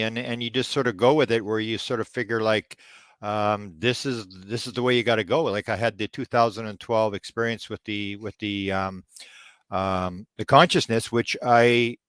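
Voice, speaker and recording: A man's voice: medium pitch, normal speed, no echo. A man in his sixties from Canada, answering interview questions in a rambling way, with many restarts and hesitations. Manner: hesitant, frequent restarts and ums, then animated when retelling stories. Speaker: guest researcher.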